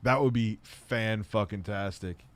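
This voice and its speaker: A man hosting a casual stream, telling stories in a profane, animated way. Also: measured pace. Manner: profane, animated storytelling, acts out quotes in high shouts. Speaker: host. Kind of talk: casual livestream chat.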